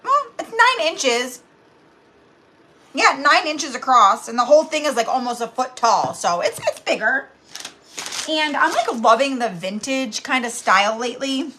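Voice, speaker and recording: Bubbly high-voiced woman hosting a craft livestream. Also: expressive, measured pace, sharp tone. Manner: chatty, bubbly, greets viewers by name. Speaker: craft channel host. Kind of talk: live-stream craft tutorial chat.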